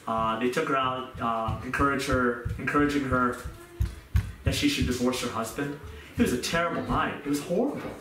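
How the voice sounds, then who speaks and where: A middle-aged man preaches with earnest, repeated emphasis, his voice bright and forceful. He is picked up from a distance, so the room rings around him. A faint hiss sits underneath. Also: on the high side. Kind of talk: sermon. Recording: echoey room, mic far off.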